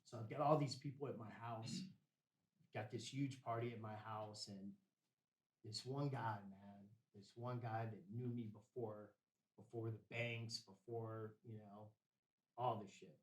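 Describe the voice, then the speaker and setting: A man's voice: on the low side, fairly even intonation, a little slow. A man, a podcast guest, telling a story in a casual, rambling, profane way with streetwise slang. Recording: roomy, distant mic.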